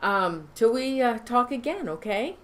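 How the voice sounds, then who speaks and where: A woman's voice: on the high side, very animated, a bit bright. A woman hosting a live online show, talking casually and rambling, with lots of fillers and restarts. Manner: rambling, halting with many fillers. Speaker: show host. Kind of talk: casual live-stream talk.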